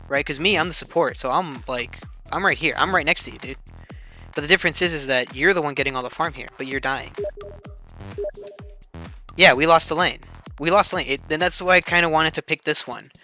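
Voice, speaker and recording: Young man, very bright sharp tone, slightly high voice, loose profane game replay chat, faint music behind. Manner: loose and profane, heavy filler "like", laughs often. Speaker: streamer reviewing his team's match. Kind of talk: casual game replay commentary.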